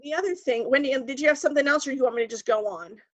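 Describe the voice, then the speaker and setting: A woman's voice: high voice, rapid-fire, dry recording, muffled recording. A woman giving earnest parenting advice, often repeating words as she finds her phrasing, over a call. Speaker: guest speaker, parent.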